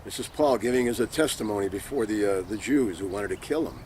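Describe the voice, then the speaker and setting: A man's voice: lowish voice, fast, darkish tone, slight background noise. A man giving an informal Bible teaching, speaking earnestly and emphatically and reading scripture passages aloud.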